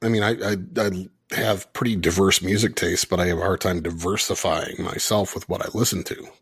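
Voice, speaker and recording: A man hosting a podcast in casual chat, animated and rambling with laughs and fillers. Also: deep voice, a little fast, breathy edge, dry recording. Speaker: podcast host.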